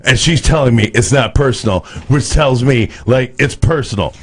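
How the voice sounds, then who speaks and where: A man's voice: mid-range voice, moderate pace, slightly rough. A man, a radio DJ animatedly telling a story and acting out quotes. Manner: animated, acts out quotes, repeats words. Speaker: radio DJ co-host. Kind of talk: storytelling banter.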